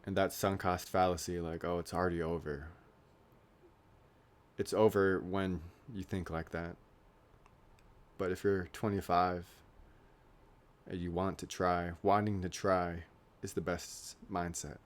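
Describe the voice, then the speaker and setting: A man's voice: deep voice, little pitch movement, measured pace, pauses often. A young man talking casually to camera in a rambling, self-mocking way, joking about himself and his goals. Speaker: YouTuber. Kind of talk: casual vlog monologue.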